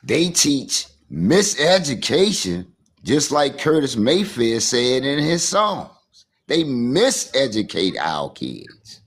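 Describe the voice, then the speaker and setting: This caller, a man from Washington, D.C., speaks slowly in a husky mid-range voice whose pitch swoops wildly. His spiritual monologue over the remote line rambles, preaches, and repeats, peppered with "you understand."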